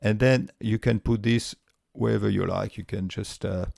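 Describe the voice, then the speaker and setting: A man with a voice walking through a spreadsheet tutorial step by step, relaxed, with frequent fillers and restarts. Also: fairly low pitch, moderate pace, creaky, no room sound, clean studio sound. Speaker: tutorial presenter. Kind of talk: screen-recorded software tutorial.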